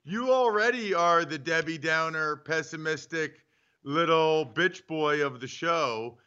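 Teasing, animated male co-host, bright and clear, slightly muffled home audio. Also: a little high, unhurried. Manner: teasing, animated, acts out bits. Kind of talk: casual sports show banter. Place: home studio. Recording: dull lo-fi remote audio.

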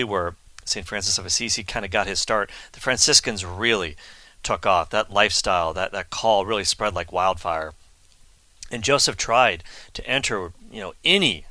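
Guy chatting excitedly about a saint's life, lowish bright voice. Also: dry recording. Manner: chatty and enthusiastic, with fillers and asides. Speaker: Catholic speaker telling a saint's story. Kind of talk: casual storytelling talk.

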